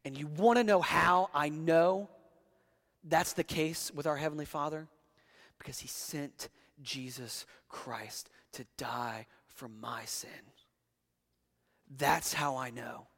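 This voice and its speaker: A young man delivers a sermon in a casual, conversational way, stumbling and restarting, then climbing to strong emphatic bursts. His voice sits a little high for a man. The sound carries the long reverb of a large hall. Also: a bit bright. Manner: conversational preaching with frequent restarts, swelling to emphatic peaks. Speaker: pastor.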